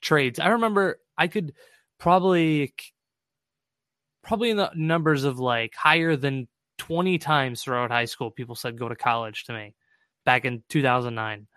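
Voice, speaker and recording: A man in his late twenties or thirties hosting a casual chat in a relaxed, easygoing way. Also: medium pitch, moderate pace, smooth, no room sound. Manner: relaxed, easygoing, laughs along.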